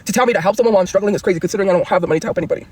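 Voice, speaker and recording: A woman's voice: mid-range voice, rapid-fire, darkish tone, breathy edge. A woman livestreamer ranting angrily and profanely, rambling from one grievance to the next.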